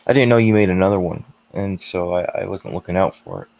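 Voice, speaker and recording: A man calling into a casual livestream from his phone, friendly and relaxed, stammering slightly. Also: low voice, brisk, gravelly. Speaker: guest joining the livestream.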